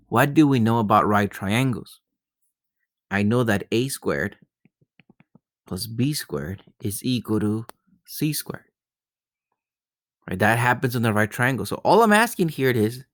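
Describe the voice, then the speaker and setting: A man's voice: mid-range voice, animated, a little slow, a bit bright, no room sound, studio quality. Man talking through a math lesson. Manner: step-by-step, repeats and checks with "right?". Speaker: math teacher.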